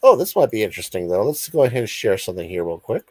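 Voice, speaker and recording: A man's voice: fairly low pitch, sing-song, racing, no echo. An older man hosting a casual show, rambling and chatty in his talk. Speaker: host. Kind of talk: casual live-stream chat.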